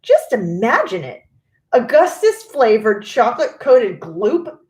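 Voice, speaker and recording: A woman's voice: fairly high pitch, wildly swooping pitch, slow, a little mellow, reverberant, full character voice. Woman doing a whimsical giggly chocolate maker. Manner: breezy, theatrical reassurance. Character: eccentric giggling male chocolate maker, grown man.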